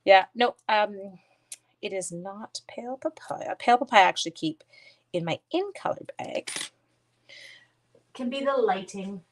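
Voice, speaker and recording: A woman's voice: medium pitch, expressive, a little slow, pauses often. A woman hosting a crafting livestream, chatting casually with viewers and teasing herself while she works. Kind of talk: casual crafting chat, reading viewer comments. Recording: faint background noise.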